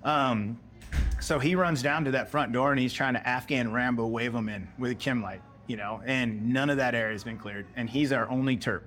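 American guy, middle-aged, casual war storyteller who acts out his own past lines, mid pitch. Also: normal speed, fairly bright tone. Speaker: guest, military veteran. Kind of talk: personal war story told in conversation.

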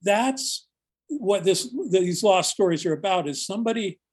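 Older man, slightly higher voice, earnest rescue storyteller on a podcast chat. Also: moderate pace, darkish tone, husky. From United States. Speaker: search and rescue volunteer, guest.

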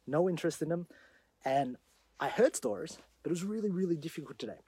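A man hosting his own show, telling a story in an animated monologue that grows loud when he retells the confrontation. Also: a little high, fast talker, breathy edge, no echo. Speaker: podcast host.

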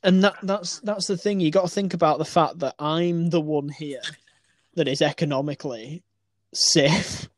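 A woman's voice: low voice, normal speed, no room sound. A woman co-hosting a podcast, teasing her co-host in a dry manner. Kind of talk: casual chat.

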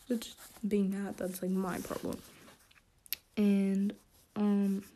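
A young woman hosting a casual podcast rant, rambling with many fillers and self-corrections, getting animated as she tells a story. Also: slow, slight background noise. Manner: animated storytelling, pitch jumping when excited. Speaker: podcast host.

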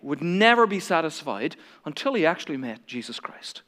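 A man's voice: on the high side, sing-song, normal speed, sharp tone. A male pastor preaching an impassioned, dramatic sermon to a congregation in a large church hall. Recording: long hall reverb.

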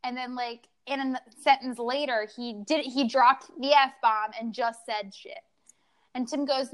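A young woman co-hosting a podcast, telling lively stories about her toddler and acting out the dialogue. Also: sits high, takes it slowly. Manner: animated storytelling, acts out dialogue. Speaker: podcast co-host, mother. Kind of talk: casual chat.

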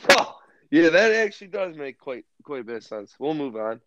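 A man co-hosting a casual podcast, profane and animated as he tells stories. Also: a little high, normal speed, background noise. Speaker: podcast co-host. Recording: dull lo-fi sound.

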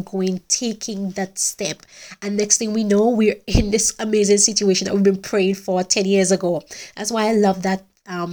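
A woman's voice: mid-range voice, a little mellow. A middle-aged woman hosting a podcast, talking in an earnest, heartfelt way with many restarts. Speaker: podcast host. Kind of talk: casual faith-based podcast talk.

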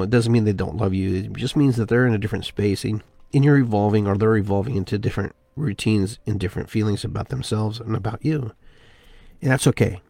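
A man hosting a spiritual podcast, talking in an unhurried, musing way and repeating phrases with shifting inflection. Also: fairly low pitch, creaky, a little mellow, dry recording. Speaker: podcast host. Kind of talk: reflective spiritual monologue.

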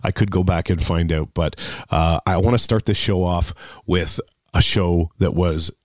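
A man's voice: deep voice, steady tone, normal speed, no room sound, clean studio sound. Chatty Canadian man telling fan stories. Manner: chatty, rambling storytelling with fillers. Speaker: podcast host and guest radio DJ. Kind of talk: casual spoken introduction.

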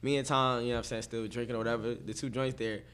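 A man telling a story in casual chat, animated and profane, often breaking into laughter. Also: medium pitch, quick pace, clean tone.

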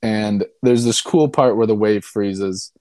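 A man's voice: on the low side, slow pace, dark tone, dry recording, studio quality. A young man casually and sarcastically recapping a movie he disliked, rambling and swearing as a podcast co-host. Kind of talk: casual chat.

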